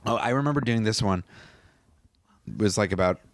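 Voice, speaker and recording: A man's voice: on the low side, a little fast. A male comedian giving a casual, rambling commentary, often breaking off mid-sentence to tell stories. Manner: rambling, self-interrupting, anecdotal.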